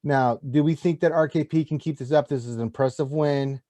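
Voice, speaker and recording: A man's voice: fairly high pitch, fairly even intonation, fairly quick, mellow, dry recording. A man co-hosting a casual gaming show, joking and teasing as he reads out viewers' notes. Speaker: co-host.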